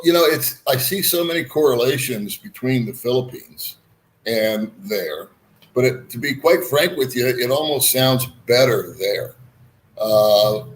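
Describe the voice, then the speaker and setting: Chatty, frank male host. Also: medium pitch. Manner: rambling, frank, folksy asides. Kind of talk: casual chat.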